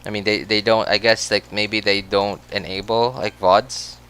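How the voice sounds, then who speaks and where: A man's voice: on the low side, steady tone, a little slow, bright, forceful tone, a little hiss or hum. A man chatting casually on a game livestream, rambling with many restarts and frequent laughs. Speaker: game streamer.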